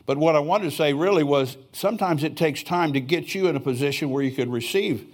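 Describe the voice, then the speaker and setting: With a fairly high-pitched, brisk voice, an older man preaches in a church sanctuary. He tells stories in a folksy manner, dropping in chuckling asides.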